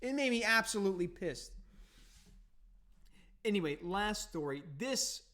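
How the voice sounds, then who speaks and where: A man's voice: high-pitched, animated, a little slow, bright, forceful tone. Profane man telling a rambling story. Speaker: podcast host. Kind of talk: casual storytelling.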